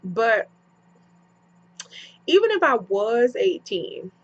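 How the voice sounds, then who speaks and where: Young woman vlogger, unhurried husky delivery, animated slangy storyteller, lo-fi home recording. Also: a little high. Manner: animated, acts out both sides with slangy asides. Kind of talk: casual storytime.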